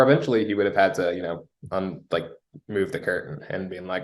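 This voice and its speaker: A young man with a fairly low voice recounts a sales story in a relaxed, conversational way. He fills his sentences with "um" and "you know" as he works through his thoughts, like a guest on a casual interview podcast. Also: a little fast. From United States. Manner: relaxed storytelling with frequent fillers.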